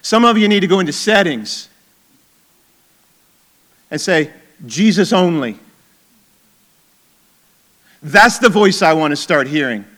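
Bright, high-voiced man preaching. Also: lively intonation, moderate pace, pauses often. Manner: conversational preaching, drops to quiet intensity. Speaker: pastor. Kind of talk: sermon.

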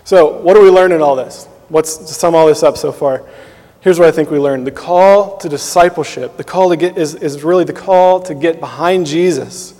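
A man's voice: fairly high pitch, moderate pace, dark tone, long reverb tail. A man giving a sermon as a pastor, in a conversational manner, often asking listeners questions and adding "right?".

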